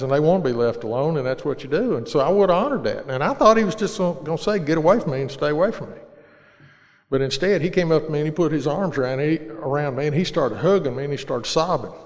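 A middle-aged man earnestly sharing his recovery story, plain-spoken, with restarts. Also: fairly high pitch. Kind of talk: personal storytelling talk. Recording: long reverb of a large hall.

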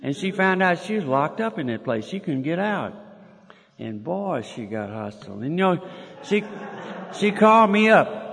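A man's voice: on the high side, very animated, moderate pace, fairly bright tone. An older man, telling a personal story in a folksy way, chuckling and restarting as he goes. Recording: long hall reverb.

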